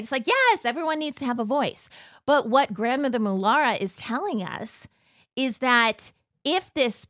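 A woman's voice: fairly high pitch, a bit bright, dry recording, clean studio sound. A woman from the United States hosting an online show, talking in a chatty, emphatic monologue full of asides. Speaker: host. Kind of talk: casual monologue commentary.

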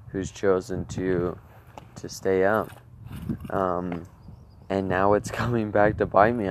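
A man's voice: low-pitched, slight background noise. A young man vlogging outdoors, telling his viewers a story, acting out his own reactions and rambling with restarts.

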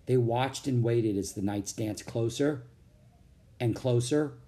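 A man reading a children's book aloud as audiobook narrator, with an expressive, animated storytelling manner. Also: medium pitch, takes it slowly.

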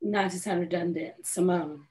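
A woman's voice: on the low side, fairly even intonation, normal speed, a little mellow. A woman co-hosting a podcast in casual, emotional chat, swearing freely and talking with feeling. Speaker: podcast co-host.

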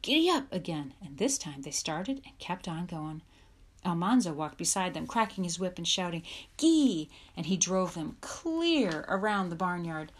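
A woman narrates a children's chapter book, her voice sitting on the low side. She reads in a steady, even storytelling rhythm that warms into livelier delivery when the dialogue starts. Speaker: audiobook reader. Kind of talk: scripted narration.

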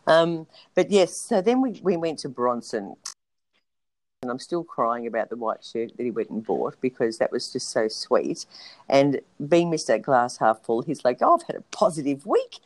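A woman's voice: rumbling low, lively intonation, unhurried, darkish tone, dry recording. A woman co-hosting a podcast, chatting casually about a reality show, laughing and filling her talk with ums and you-knows. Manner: chatty, laughing, full of fillers. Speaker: podcast co-host.

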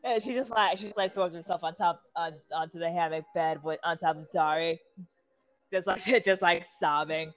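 A woman's voice: on the low side, normal speed, faint music behind. A woman playing a tabletop role-play game, describing her character's actions in a rambling, giggly way with many fillers. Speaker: player.

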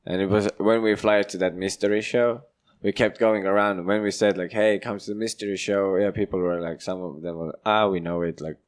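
Halting low-voiced Estonian man. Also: fairly even intonation, clean tone. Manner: halting, many "like" fillers, laughs often. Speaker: comedian podcast co-host. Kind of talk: casual chat.

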